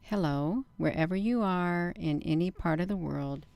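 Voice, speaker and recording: A woman hosting a casual livestream vlog, talking in an earnest, repetitive way with many pauses and ums. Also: fairly low pitch, vocal fry, darkish tone, dry recording. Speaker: channel host.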